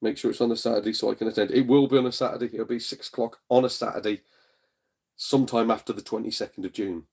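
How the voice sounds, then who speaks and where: A man's voice: fairly low pitch, fairly even intonation, fast, darkish tone, husky. A man hosting a casual live stream from his front room, chatting to viewers in a blunt, jokey way, now and then swearing and putting on voices when he retells exchanges. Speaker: streamer and gaming channel host.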